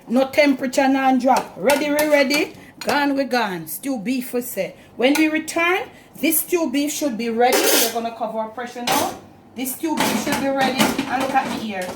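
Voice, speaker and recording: A woman's voice: a little high, slight background noise. A middle-aged woman with a Jamaican accent hosting a home cooking demonstration, chatting to viewers as family and repeating "look at me here". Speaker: cooking show host. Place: home kitchen.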